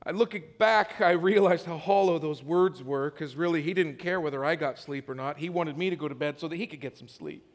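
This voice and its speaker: Pastor, man, middle-aged, high-set voice, storytelling with jokes at his own expense; long hall reverb. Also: brisk. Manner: storytelling, self-deprecating humor, repeats words when building. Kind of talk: sermon.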